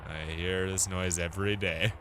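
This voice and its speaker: A man's voice: sits low, fairly even intonation, moderate pace, fairly bright tone, a little hiss or hum, voice pushed down. A man voicing a friendly, food-loving male innkeeper in a video game. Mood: hearty.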